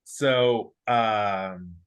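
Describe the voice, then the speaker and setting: A man playing a tabletop game, speaking haltingly and apologizing while he looks up a spell. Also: lowish voice, clear, resonant tone. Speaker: player. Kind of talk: casual tabletop game chat.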